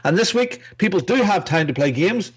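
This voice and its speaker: A man's voice: high voice, lively intonation, moderate pace, breathy edge. A man with a slightly raised voice hosts a casual gaming podcast. He rambles loosely, reading out listener names and fixing his own slips as he goes. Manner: rambling, reads out chat names, self-correcting. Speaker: podcast host.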